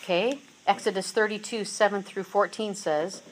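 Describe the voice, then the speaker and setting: A woman's voice: mid-range voice, expressive, normal speed, long pauses, slight background noise, low-quality recording. A woman teaching a Bible lesson and reading scripture aloud, talking conversationally with fillers and self-corrections. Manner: reads scripture aloud with rising intensity, then drops to soft asides.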